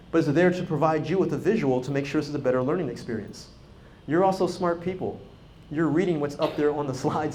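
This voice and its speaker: A lively man delivers a talk at a conference, with a voice pitched noticeably high. He jumps into acted-out dialogue, raising his voice for quoted lines, and keeps the audience involved with questions. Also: a little hiss or hum. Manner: energetic, animated, acts out quoted dialogue, talks directly to the crowd. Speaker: conference speaker. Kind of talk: live motivational talk to an audience. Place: conference hall.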